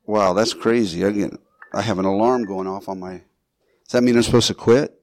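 A man's voice: lowish voice, steady tone, a little fast, darkish tone, dry recording, poor audio. An older male pastor giving an earnest, conversational sermon in his church, speaking straight to his congregation with casual asides.

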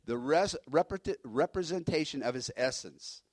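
A male pastor delivers a sermon in a somewhat high voice. He preaches emphatically, pushing his points with energy and often restarting phrases. The sound is dry and close, with little room around it. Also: animated, measured pace, dry recording.

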